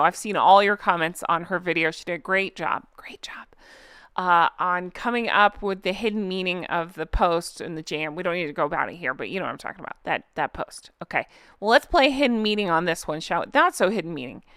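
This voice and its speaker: A woman's voice: mid-range voice, pushed and bright, clean tone, no room sound, studio quality. A woman in her thirties with a Southern American accent, hosting a casual commentary video in a sarcastic, incredulous, chatty way. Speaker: commentary channel host.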